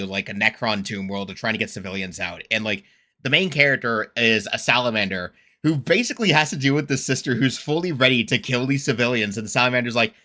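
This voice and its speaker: Man, casual reaction host, rambling, laughs a lot, very bright edge, widely swinging pitch. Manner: rambling, laughs often, heavy use of fillers; excitable, mock-indignant rants.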